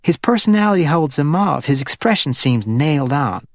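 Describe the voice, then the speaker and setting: A man's voice: very animated, normal speed, no echo, clean studio sound. A man voicing a playful, flirty wealthy woman in her fifties with a Hollywood Southern accent, chatty and teasing. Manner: teasing and chatty, sliding up into a higher voice.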